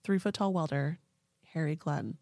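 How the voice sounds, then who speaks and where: A woman co-hosting a casual chat, telling a true story in an animated way and swearing now and then. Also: low voice, normal speed, gravelly, no echo, studio quality. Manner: chatty, animated, swears casually, puts on voices for people in the story.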